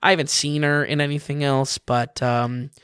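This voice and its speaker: Brief: male film-review host, fairly high voice, rambling and filler-heavy, dry close mic. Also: flat delivery, normal speed, a bit bright, clear, resonant tone, no echo. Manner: rambling, many fillers and restarts, laughs often. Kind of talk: casual podcast chat.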